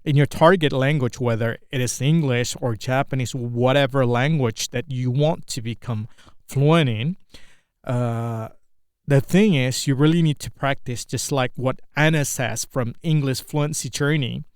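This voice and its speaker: A man with an Indonesian accent, a native Indonesian speaker, talking through an unscripted English speaking practice, halting and searching for words. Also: mid-range voice, clear, resonant tone, no room sound, clean studio sound.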